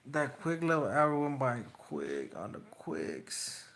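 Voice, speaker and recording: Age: young adult. Role: trash-talking male boxer. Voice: bright. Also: medium pitch, big pitch swings, takes it slowly, creaky, slight background noise. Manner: taunting, slangy and repetitive. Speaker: boxer on a livestream. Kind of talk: livestream trash talk to chat.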